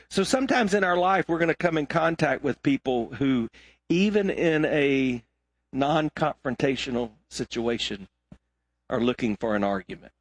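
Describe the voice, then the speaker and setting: A man's voice: medium pitch, expressive, normal speed, dry recording. A man preaching a sermon to a congregation, asking his listeners questions as he teaches. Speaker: pastor. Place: church sanctuary.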